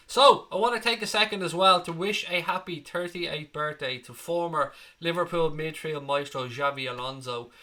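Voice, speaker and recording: A man's voice: a little high, normal speed, hardly any pauses, sharp tone. A man in his thirties with an Irish accent, hosting a live football fan stream in a chatty, blunt way, reading out viewer comments. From Ireland. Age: 30s. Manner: chatty, blunt, swears freely. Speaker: fan channel host.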